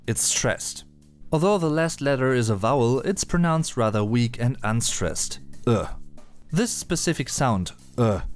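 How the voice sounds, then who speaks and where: Male teacher, lower voice, animated delivery, chatty asides, faint music underneath. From Germany. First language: German. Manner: chatty, playful asides, careful pronunciation. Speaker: German language teacher. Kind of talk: online language lesson.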